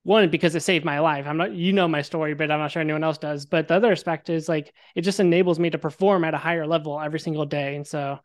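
A man's voice: on the high side, quick pace, hardly any pauses. A young man, a podcast guest, telling his story casually and vividly, swearing freely and acting out what people said. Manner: animated, swears freely, acts out quotes.

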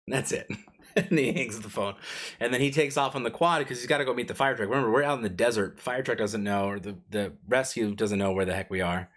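A man's voice: medium pitch, brisk, a bit bright. A man co-hosting a podcast, telling a personal story casually, full of fillers and chuckles. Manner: rambling, filler-heavy, laughs while telling. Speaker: podcast co-host.

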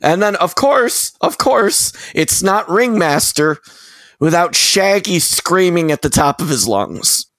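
A man's voice: sits high, very animated, takes it slowly, a bit bright, dry recording. A man co-hosting a podcast in crude, joking casual chat. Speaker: podcast co-host.

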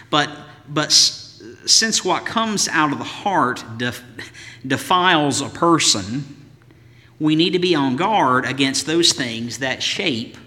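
A man's voice: fairly high pitch, sharp tone, long reverb tail. A man preaching a sermon as pastor, in an emphatic voice with rhythmic lists and rhetorical questions.

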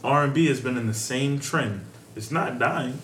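A young man co-hosting a casual podcast chat, joking and animated, arguing his points. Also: medium pitch, normal speed. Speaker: podcast co-host. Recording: roomy echo, faint background noise.

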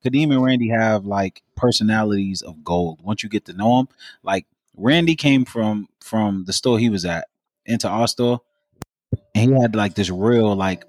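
A man's voice: on the low side, moderate pace, a little mellow, no echo, studio quality. A man in casual podcast banter, teasing his friends in heavy slang. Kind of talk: casual group chat.

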